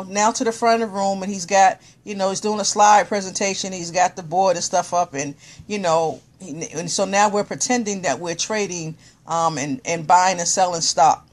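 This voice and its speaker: A middle-aged woman talking casually to viewers on a live stream, excited and encouraging, thanking people as she tells a personal story. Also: medium pitch. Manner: excited, animated, preachy encouragement.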